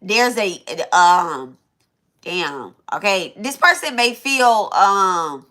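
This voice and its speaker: Lady doing a tarot reading, bright sharp voice, cusses a lot, keeps restarting her thoughts. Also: medium pitch, big pitch swings, very slow. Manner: casual, swearing, thinks aloud with many restarts. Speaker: tarot reader. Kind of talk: spiritual reading to viewers.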